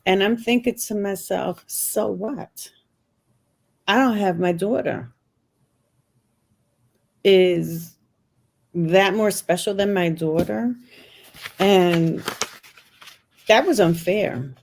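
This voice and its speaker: A woman's voice: mid-range voice, slow pace, gravelly, pauses often, darkish tone. A middle-aged woman, a podcast guest, earnestly telling a personal story and repeating phrases for emphasis.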